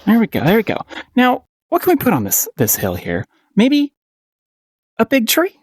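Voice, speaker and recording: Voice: mid-range voice, wildly swooping pitch, moderate pace, husky, no room sound, studio quality. A painting instructor giving a casual paint-along tutorial, playful and encouraging, often giggling and repeating short phrases.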